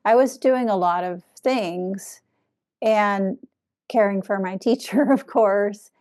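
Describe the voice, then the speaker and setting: A woman giving a dharma talk as a Zen teacher, speaking in a reflective way with soft laughs. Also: medium pitch, slow.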